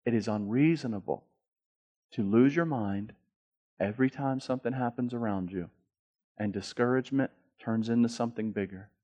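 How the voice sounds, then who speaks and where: A male pastor delivering a sermon, moving from quiet reflection to loud, fervent passages and acting out inner voices and prayers. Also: medium pitch, normal speed, muffled recording. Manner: swings from quiet reflection to loud, rising passion.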